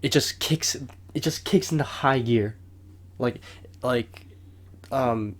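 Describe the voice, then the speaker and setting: A man's voice: medium pitch, slow. A young man co-hosting a podcast, telling a long story in casual chat, rambling and swearing, with raised voices when he acts out quotes. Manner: rambling, swears a lot, lively retelling with raised acted-out quotes. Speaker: podcast co-host.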